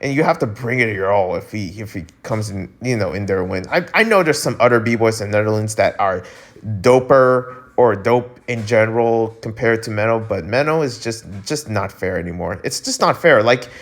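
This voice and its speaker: A Filipino-American man from the United States hosts a breakdancing news vlog, ranting animatedly in casual commentary, often restarting sentences and tossing in exclamations. His medium-pitched voice is fairly bright, fairly quick, and has lively intonation.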